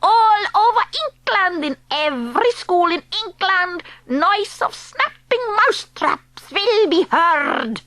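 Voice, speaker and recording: A woman voicing the Grand High Witch, an imperious and cruel old witch who speaks slowly with mangled foreign-sounding grammar in an audiobook. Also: lively intonation, bright, forceful tone, dry recording, full character voice. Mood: gloating. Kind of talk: audiobook character reading.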